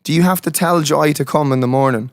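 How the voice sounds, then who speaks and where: A man's voice: a little high, quick pace, no room sound. Earnest man, dry sound. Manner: earnest, preacher-like, heartfelt. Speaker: musician guest. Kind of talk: casual conversational interview.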